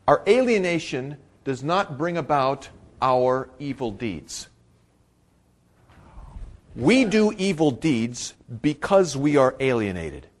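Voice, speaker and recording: A man preaching a sermon. He swings from loud, emphatic bursts to quiet asides and repeats his key phrases for weight. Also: mid-range voice. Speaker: pastor.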